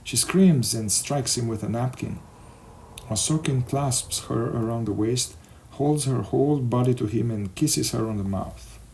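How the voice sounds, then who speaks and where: Male audiobook narrator, mid-pitched, measured and expressive. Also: slight background noise. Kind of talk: scripted narration.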